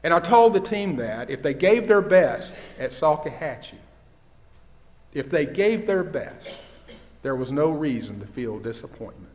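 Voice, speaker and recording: An older man preaches in a church, relating stories in a storyteller's sermon style. His voice sits fairly high for a man, and he goes quiet and low when quoting others. The sound rings with the long reverb of a big sanctuary. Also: very animated, a little slow. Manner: storytelling, with hushed quoted dialogue. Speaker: pastor.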